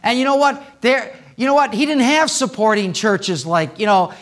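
Man, pastor, sermon, high-pitched voice, impassioned, hushed to loud, church. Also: normal speed. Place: church sanctuary.

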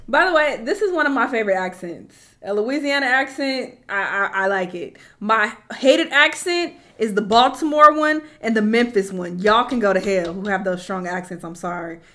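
A woman hosting a casual reaction video, giving blunt, animated commentary. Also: medium pitch, moderate pace, hardly any pauses. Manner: animated, blunt, laughing asides.

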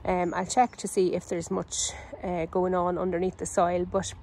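An Irish woman giving a casual, unhurried walkthrough of her vegetable garden outdoors, chatty and full of ums and self-corrections. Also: on the low side, level tone, darkish tone, slight background noise, rough recording. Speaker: home gardener and channel host.

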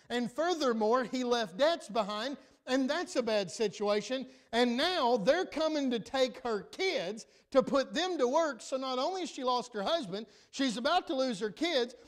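A high-voiced male pastor preaches from the pulpit of a church. He swings from loud, stressed lines to quiet, confiding asides. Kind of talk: preaching a sermon. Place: church sanctuary.

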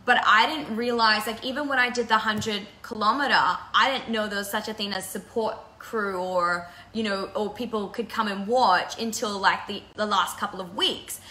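A woman hosting a live video and talking casually about something that moved her deeply, laughing through tears and chatting freely. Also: steady tone, normal speed, few pauses, bright, forceful tone, echoey room. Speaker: break-up counsellor and channel host.

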